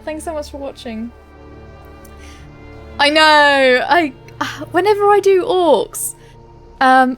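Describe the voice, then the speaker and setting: A woman game streamer chatting with viewers and reading quest text aloud, with a giggly, chatty manner. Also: high-pitched.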